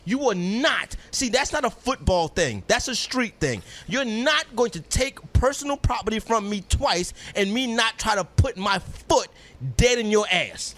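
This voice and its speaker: A man's voice: sits high, lively intonation, unhurried, fairly bright tone. A man in casual sports talk, emphatic and slangy, riffing on a football fight.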